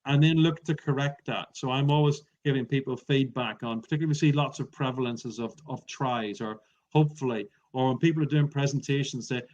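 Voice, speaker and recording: A man's voice: mid-range voice, darkish tone. A man who trains speakers, giving feedback in an interview and explaining points with emphatic examples. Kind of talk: coaching interview talk. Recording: dull lo-fi sound.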